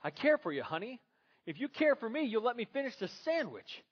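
A man's voice: extremely high pitch, very animated, brisk, dull audio, voice pushed up, full character voice. A man voicing a lazy young husband who dodges his wife's questions with offhand jokes. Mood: wisecracking. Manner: wisecracking, offhand.

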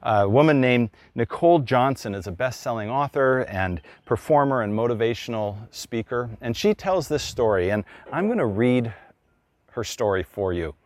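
A man's voice: medium pitch, expressive, moderate pace, no echo. A middle-aged man, a pastor, preaching a conversational sermon and acting out the people he quotes.

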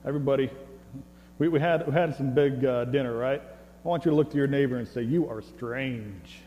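An American man preaches a sermon fast in a warm, medium-pitched, steady voice, keeping it conversational and joking while often stumbling over repeated words and restarting. The recording has long hall reverb and a faint mains hum.

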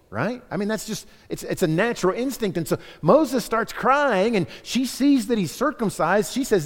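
A middle-aged man preaching a sermon as the pastor, telling the story in a lively, animated way. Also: high voice, normal speed, few pauses. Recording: long hall reverb.

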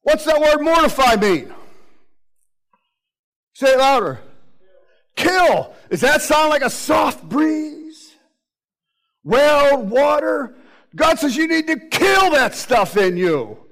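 A man preaching a sermon with animated delivery, acting out the voices he quotes. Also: very high-pitched, slow, pauses often, poor audio.

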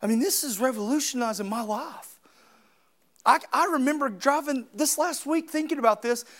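High-voiced impassioned male preacher. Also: moderate pace. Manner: impassioned, swings from quiet to shouting. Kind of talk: sermon.

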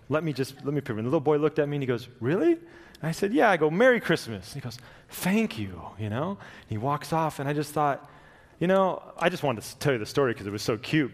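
A man preaching a sermon, telling stories with sudden emphatic rises and quiet, reflective drops. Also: on the high side. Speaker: pastor. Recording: long hall reverb.

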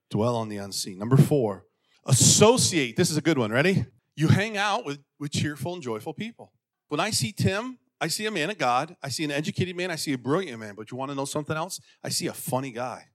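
Man preaching a lively sermon. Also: a little high, a little fast. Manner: swings from hushed to loud, exclamatory preaching. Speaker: pastor. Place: church.

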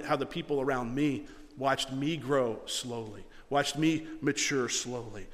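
A middle-aged man preaches to his congregation, earnest and emphatic, pushing some phrases hard and letting others fall quiet. His voice sits a little high for a man. The sound carries a long reverb from the church hall around him. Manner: earnest, emphatic preaching with rising and falling volume. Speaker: pastor. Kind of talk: sermon.

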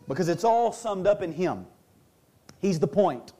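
A man preaching a sermon, earnest, slowing down and dropping his voice low to stress key lines. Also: animated, mellow, slightly rough. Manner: earnest preaching, slows and drops low for emphasis. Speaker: pastor.

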